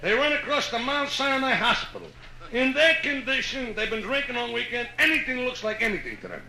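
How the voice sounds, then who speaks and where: A man's voice: extremely high pitch, sing-song, a little fast, sharp tone. A man with a Brooklyn accent doing live stand-up in a brash, punchy way on a hotel nightclub stage. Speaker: stand-up comedian. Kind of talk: live stand-up joke telling. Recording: echoey live room with crowd noise.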